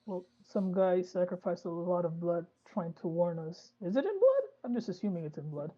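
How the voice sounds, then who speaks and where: A woman with a husky voice playing a tabletop game, asking cautious questions. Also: lowish voice, sing-song, moderate pace. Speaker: player. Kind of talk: casual tabletop play. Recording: dull lo-fi mic.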